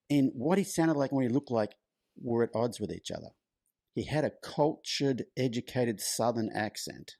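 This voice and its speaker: A man's voice: medium pitch, lively intonation, normal speed, warm tone, no room sound, clean studio sound. A middle-aged man, a horse clinician, telling a long personal story in a loose, chatty way as a podcast guest. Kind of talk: storytelling in conversation.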